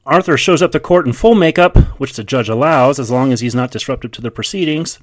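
A man's voice: medium pitch, fast talker, no echo. A man with a mid-range voice recaps film scenes in a casual podcast chat and states his dislike plainly. The sound is dry and close. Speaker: podcast co-host recapping the plot.

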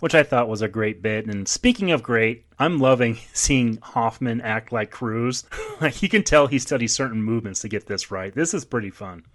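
A man hosting a movie podcast, recapping the plot in quick summaries and laughing often. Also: medium pitch, fairly bright tone. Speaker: podcast host.

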